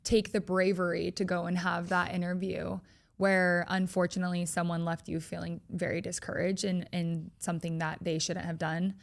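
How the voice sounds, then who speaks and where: A woman's voice: lowish voice, little pitch movement, normal speed, vocal fry. A young woman as a podcast guest, speaking in a reassuring, reflective way. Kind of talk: candid personal chat.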